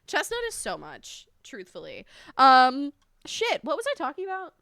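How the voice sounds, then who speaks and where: A woman with a high, bright voice chats with her stream viewers in a scattered, talkative way. Her pitch swoops all over as she thanks people and swears mildly. The sound is close and dry, from her home streaming setup. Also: wildly swooping pitch, moderate pace, gravelly, dry recording. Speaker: live streamer. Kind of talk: casual stream chat.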